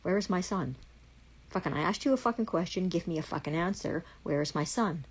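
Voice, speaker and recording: A woman's voice: fairly low pitch, lively intonation, fairly quick, husky, rough recording. A woman with a Canadian accent, swearing constantly in a heated, accusing rant on a livestream.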